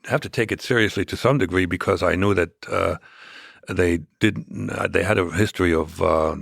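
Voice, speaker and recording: A man as a podcast guest, recounting past events in a measured, reflective way during a conversational interview. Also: low-pitched, gravelly, fairly bright tone, no echo, clean studio sound.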